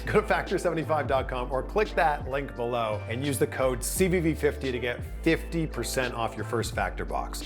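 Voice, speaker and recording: Lively upbeat male podcast host. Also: mid-range voice. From Canada. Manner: upbeat, enthusiastic. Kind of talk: ad read and interview questions.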